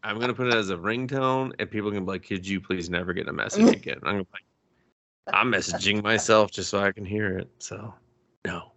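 Deep-voiced man, animated anime chat. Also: fairly quick, dry recording. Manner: animated, swears freely, acts out scenes. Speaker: podcast co-host. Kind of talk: casual chat recapping anime.

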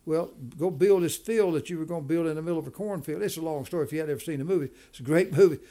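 A man's voice: a little high, racing, mellow. A man speaking as a business leader in an interview, emphatic, often repeating and restarting his words. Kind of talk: conversational interview.

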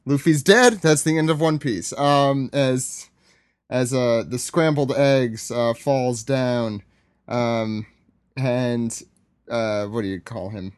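Slow-talking man in a dry recording. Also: medium pitch, steady tone, no echo. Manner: joking, laughs often, many fillers. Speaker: podcast panelist. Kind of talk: casual manga recap chat.

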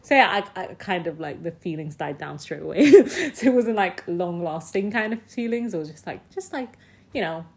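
A young woman, telling personal stories in a casual, animated way with frequent laughs. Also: on the low side, normal speed, creaky. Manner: chatty and animated, with frequent laughs and acted-out quotes. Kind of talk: casual storytelling to camera.

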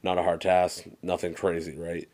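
A young man with a very low voice co-hosts a casual podcast. He tells stories with animated energy, swears freely and slips into quoted movie lines. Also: moderate pace. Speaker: podcast co-host. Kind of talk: casual chat.

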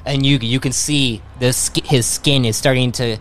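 A man's voice: mid-range voice, steady tone, fairly bright tone. A man narrating a tabletop role-playing game as game master, stumbling and restarting his sentences. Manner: halting, many restarts.

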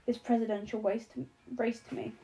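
A woman reading an audiobook, voicing a sharp-tongued middle-aged woman president who talks in clipped bursts and swears. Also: fairly high pitch, flat delivery, moderate pace, close to an everyday voice, poor audio. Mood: furious. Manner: shouting, clipped and cursing.

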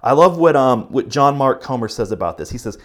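A man's voice: mid-range voice, animated. Earnest man preaching conversationally. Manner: conversational preaching, earnest, speeds up and slows for emphasis. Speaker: pastor. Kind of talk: sermon.

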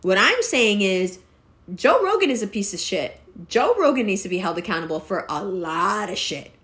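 A woman's voice: mid-range voice, sing-song, normal speed, fairly bright tone. A woman in her forties delivering a profane, exasperated rant that scolds her listeners. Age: 40s. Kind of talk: ranting monologue.

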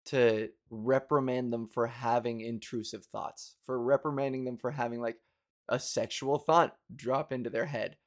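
A man in a casual, rambling rant to his viewers, swearing freely and joking wryly. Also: medium pitch. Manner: profane, rambling, wry.

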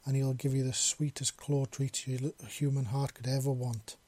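A man reading a story voices a big scaly male creature who speaks low, soft and purring in a deep, husky voice. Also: level tone, moderate pace, close to an everyday voice. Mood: purring, teasing.

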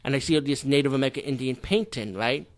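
A young man ranting in a profane, exasperated movie review, swinging from loud incredulous outbursts to low muttering. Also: fast.

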